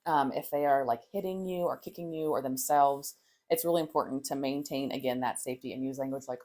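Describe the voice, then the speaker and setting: A woman in her thirties, a counselor, tells parenting stories in an animated way, laughing often and softening into a gentle voice when she quotes herself. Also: a bass voice, fast talker. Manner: animated storytelling, acts out soft calm parent voice, laughs often. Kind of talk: podcast conversation.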